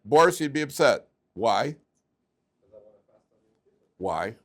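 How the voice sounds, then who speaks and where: A man's voice: medium pitch, slow. A man, a rabbi, teaching a class of students, telling stories and acting out the people in them, often repeating words as he goes. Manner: animated storyteller, repeats words, acts out quoted people.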